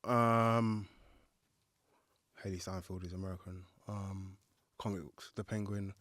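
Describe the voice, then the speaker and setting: A man's voice: sits low, fairly even intonation, measured pace, a bit bright, no room sound, studio quality. A man who is a podcast guest, thinking aloud under quiz pressure with many ums and self-mocking remarks. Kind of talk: casual podcast chat.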